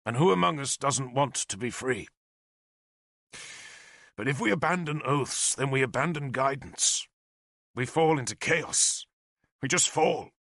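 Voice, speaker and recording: A man's voice: mid-range voice, expressive, a little slow, gravelly, long pauses, a bit bright, no echo, clean studio sound, pitched above the performer's own voice, full character voice. A man reading the part of a grieving, oath-bound middle-aged warrior king, grave and brooding. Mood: anguished. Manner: grave and brooding, breaking into weeping and rage.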